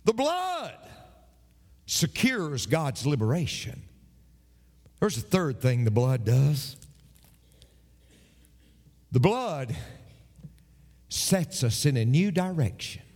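A male pastor delivering an emphatic sermon, with dramatic pauses and repeated phrases. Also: on the high side, very animated, darkish tone, in a large hall.

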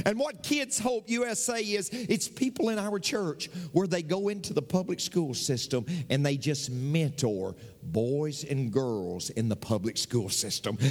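Preacher guy, kinda high voice, big swings then real slow stretched lines, echoing church hall. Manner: animated preaching with sudden high bursts and slow drawn-out lines. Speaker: pastor. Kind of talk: sermon. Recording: long hall reverb.

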